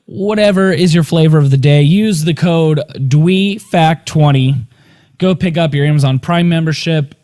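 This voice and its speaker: A man co-hosting a casual movie chat show, excitable and jokey. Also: a little high. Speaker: podcast co-host.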